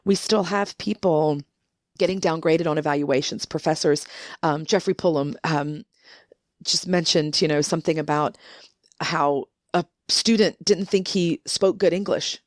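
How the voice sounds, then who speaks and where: A low-pitched woman speaks as a podcast guest, recounting stories with emphatic, indignant stress and frequent restarts. Her voice is close to the mic and dry, with no room sound. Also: measured pace, dry recording. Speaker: guest, book contributor. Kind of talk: animated conversational storytelling.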